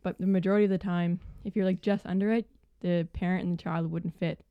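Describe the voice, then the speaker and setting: A young woman telling a work story casually on a podcast, animated and full of "like" fillers. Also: on the low side, fast, highs cut off.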